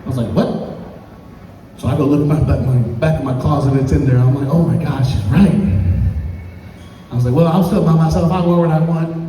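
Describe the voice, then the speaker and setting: Guy in his 30s doing open mic standup, mellow voice a bit high, heard from far off in a big echoey room. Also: fast talker. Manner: storytelling, acts out quotes with jumps in pitch. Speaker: stand-up comedian. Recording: echoey hall from far off, faint room noise.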